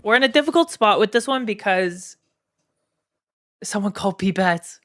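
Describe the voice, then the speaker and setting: A woman's voice: medium pitch, animated, normal speed. A woman with a Canadian accent streaming live, giving frank, casual commentary with plenty of fillers and swearing. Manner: frank, profane, many fillers and asides to chat. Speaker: streamer ranking game characters.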